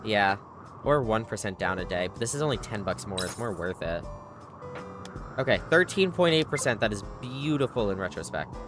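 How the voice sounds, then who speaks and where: A game streamer in casual live-stream commentary, chatty and playful, reacting out loud to the game. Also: medium pitch, lively intonation, normal speed, over music. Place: home streaming setup.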